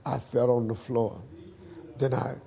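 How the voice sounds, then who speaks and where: A man in an interview, telling his life story in a lively storytelling way and acting out the dialogue. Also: mid-range voice, unhurried, vocal fry.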